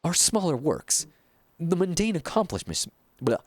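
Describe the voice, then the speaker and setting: A flamboyant, self-important art master, read aloud by a streamer playing a video game, who speaks in lofty, theatrical lines. The pitch sweeps widely from line to line, lending each pronouncement a grandiose lilt. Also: very animated, a little slow, dry recording. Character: pompous flamboyant art teacher. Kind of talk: reading game dialogue aloud.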